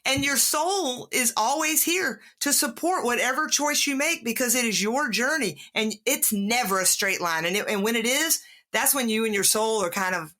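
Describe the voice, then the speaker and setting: A woman's voice: fairly high pitch, animated, normal speed, few pauses, bright, forceful tone. A woman hosting a podcast conversation, talking in an emphatic, heartfelt way and acting out inner voices. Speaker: podcast host. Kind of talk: casual conversation.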